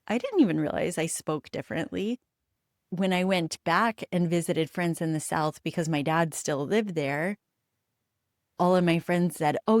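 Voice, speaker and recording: Candid, emphatic woman with a lower voice. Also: no room sound, clean studio sound. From United States. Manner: candid and emphatic, swears freely; reflective storytelling with frequent pauses. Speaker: podcast host. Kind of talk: solo podcast monologue.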